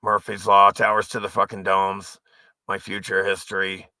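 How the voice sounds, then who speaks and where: A man hosting a livestream, ranting in a profane, angry, rambling way and sometimes shouting. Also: on the low side, completely flat delivery, normal speed, no echo. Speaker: livestream host. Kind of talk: livestream rant.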